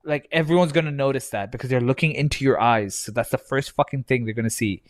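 A man's voice: medium pitch, fast, dry recording. A man co-hosting a casual podcast who rants, swears often and mimics people in quotes. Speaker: podcast co-host. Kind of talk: casual chat.

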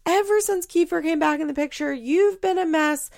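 A woman voicing an angry sixty-year-old mother who yells accusations at her daughter. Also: very high voice, moderate pace, creaky, pitched above the performer's own voice. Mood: yelling. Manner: yelling, accusing.

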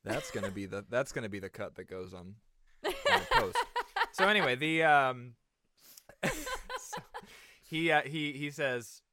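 A man's voice: medium pitch, wildly swooping pitch, measured pace, long pauses, bright, forceful tone. A man co-hosting a movie podcast, recapping the plot, laughing often, swearing casually. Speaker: podcast co-host. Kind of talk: casual movie-review chat.

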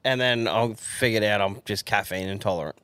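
A man's voice: fairly low pitch, brisk, a bit bright, clear, resonant tone, no room sound. An Australian man co-hosting a podcast, easygoing and profane in casual banter. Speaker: podcast co-host.

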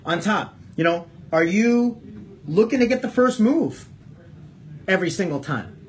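A male wrestling coach talks to his team on a call, hammering home points with repeated questions. His voice sits a little high for a man. A faint hiss of noise runs under the recording. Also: lively intonation, measured pace. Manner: emphatic, repeats key points and asks yes-or-no questions.

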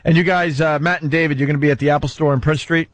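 A man, a radio host, briskly wrapping up the show and plugging events. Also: fairly high pitch, fairly even intonation, no echo.

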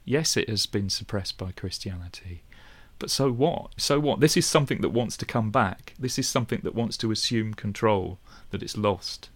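Male guest, low voice, searching, lifts when emphatic. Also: normal speed, hardly any pauses. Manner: thoughtful, searching, rising in pitch when emphatic. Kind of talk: conversational discussion.

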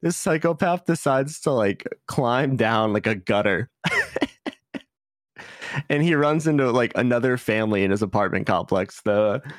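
A man's voice: mid-range voice, animated, normal speed, no room sound, studio quality. A man hosting a casual anime podcast, joking and recapping episodes with frequent laughs. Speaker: podcast host.

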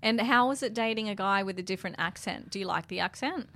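A woman's voice: mid-range voice, quick pace, fairly bright tone. A young woman, co-hosting a podcast in playful, teasing, laughing chat. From Australia. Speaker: podcast co-host. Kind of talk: casual chat.

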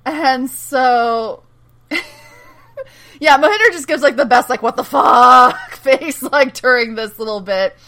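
A woman's voice: high voice, expressive, takes it slowly, pauses often, fairly bright tone. A woman casually recapping a TV episode, acting out the characters' lines and laughing often. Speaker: podcast co-host recapping a TV show. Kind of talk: casual chat.

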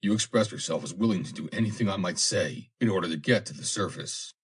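An actor reading the part of a grim, stern man who gives hard orders quietly in a crisis. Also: low-pitched, fast, husky.

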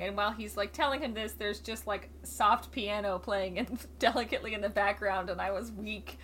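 A woman co-hosting a podcast, chatting casually and recapping a TV episode, quick and wry, acting out lines she quotes. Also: mid-range voice, steady tone, fairly bright tone, a little hiss or hum. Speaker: podcast co-host.

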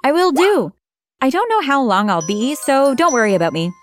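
Expressive woman narrating a dramatic story. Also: high-pitched, moderate pace, faint music behind. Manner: expressive, dramatic first-person telling. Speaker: narrator voicing a teenage girl.

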